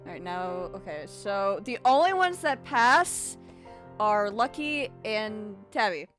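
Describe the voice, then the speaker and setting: A woman's voice: medium pitch, lively intonation, takes it slowly, a bit bright, soft background music. A woman running a tabletop game as game master, casual, laughing often and swearing.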